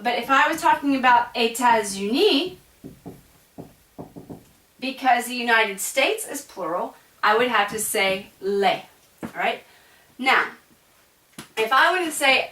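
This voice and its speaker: A woman whose first language is English teaches a French grammar lesson in a chatty classroom lecture, often stopping to check in with "right?" Her voice is a little high, pushed and bright, recorded from a distance in an echoey room with slight background noise.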